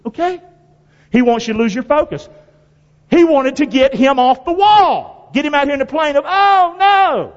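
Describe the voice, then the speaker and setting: A male pastor preaching a sermon in a folksy call-and-response style, his delivery swinging from loud to hushed. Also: very high voice, expressive, normal speed. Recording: dull sound with long hall reverb.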